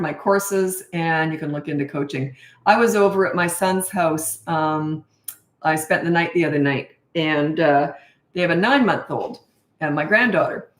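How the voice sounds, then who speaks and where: An older woman, a parenting coach, giving blunt, direct advice in a live-stream Q&A. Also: mid-range voice. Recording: echoey room.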